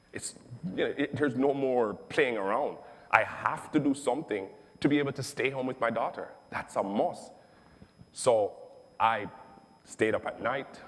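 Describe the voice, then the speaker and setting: A middle-aged man from Jamaica, telling his own business story in an emphatic, animated way and repeating phrases for stress. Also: on the low side. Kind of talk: testimonial storytelling. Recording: long echoing reverb.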